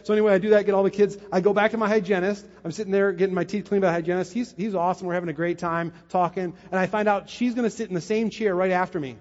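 Middle-aged male preacher, animated storyteller, muffled sound in a large echoing hall. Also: high voice, racing, hardly any pauses. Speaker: pastor. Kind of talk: sermon with personal story. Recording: muffled, long hall reverb.

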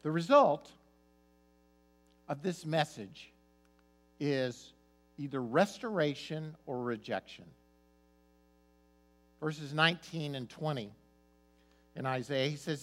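A man preaching a sermon as pastor, telling stories, his voice swinging from loud emphasis to soft, quiet asides. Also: on the high side, animated, takes it slowly, long pauses, soft background music.

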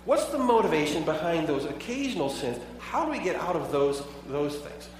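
A man's voice: fairly high pitch, big pitch swings, normal speed, a little hiss or hum. A pastor preaching a sermon in a conversational way, asking his listeners many rhetorical questions. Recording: echoey hall, voice from far off.

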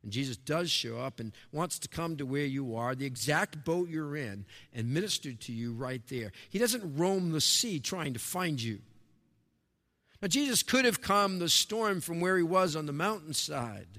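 A man's voice: expressive, moderate pace. Preaching man in a reverberant hall. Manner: dynamic preaching, swinging between emphatic highs and hushed lows. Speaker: pastor. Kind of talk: sermon.

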